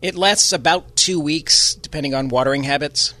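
A man's voice: on the high side, moderate pace, bright, forceful tone, no room sound. A man co-hosting a garden radio show, offering plant and pest advice in a friendly, knowledgeable way. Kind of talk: call-in radio chat.

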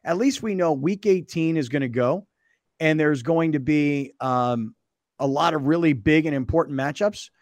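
A man with a slightly higher voice hosts a relaxed sports talk show. He tells stories with energy and laughs often. The sound is dry and close to the mic. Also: normal speed, dry recording. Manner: animated storyteller, laughs often. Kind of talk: casual sports radio chat.

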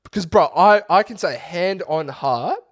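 A man's voice: high-pitched, animated, a little slow, no echo, clean studio sound. Sweary Australian man telling stories. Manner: sweary, storytelling, laughs often. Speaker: podcast co-host. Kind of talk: casual chat.

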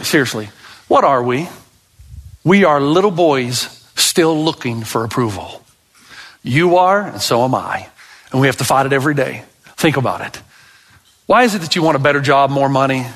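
A middle-aged man preaching a sermon, with a notably high voice. He talks straight to the congregation and leads them in repeating lines aloud. As he tells stories, he builds into an impassioned delivery. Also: fairly bright tone. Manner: impassioned, rising pitch when telling stories; addresses congregation directly, leads repetition. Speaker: pastor.

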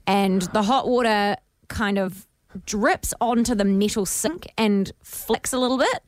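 A young woman, co-hosting a radio show and telling a story in a lively, animated way. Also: mid-range voice, measured pace, no echo, studio quality. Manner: animated storytelling, acts out her own screams. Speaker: radio co-host. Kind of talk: casual radio chat.

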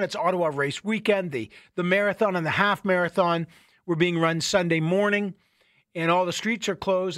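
A middle-aged man hosting a radio show, telling stories in a casual, animated way with many restarts. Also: sits high, no echo, studio quality. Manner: conversational, animated storytelling with restarts. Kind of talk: casual talk radio monologue.

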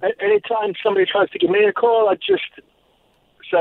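Gravelly man on a phone line. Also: very high-pitched, wildly swooping pitch, brisk. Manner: gruff, businesslike. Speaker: caller.

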